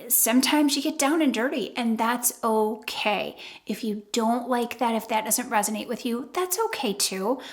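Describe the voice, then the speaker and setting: A woman's voice: fairly high pitch, moderate pace, few pauses. An older woman hosting an advice video, talking bluntly and playfully straight to the viewer. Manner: blunt, playful, acts out quoted lines. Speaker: YouTube advice host. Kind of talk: casual direct-to-camera advice.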